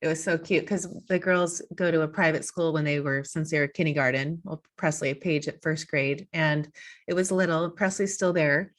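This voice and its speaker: Chatty lower-voiced woman host. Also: steady tone, moderate pace. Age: middle-aged. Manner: chatty, rambling, laughs easily. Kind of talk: casual chat.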